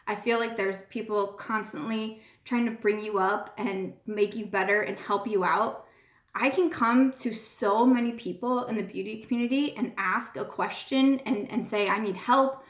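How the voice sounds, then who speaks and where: A woman's voice: mid-range voice, fairly even intonation, moderate pace. A woman hosting a casual live-stream chat, talking in a gushing, earnest way and often repeating herself. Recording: roomy echo.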